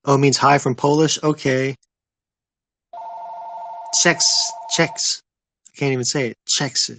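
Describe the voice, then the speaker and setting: A man's voice: medium pitch, flat delivery, fast, creaky, background noise. A man hosting a casual livestream, chatting with viewers in a rambling, laid-back way. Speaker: livestream host.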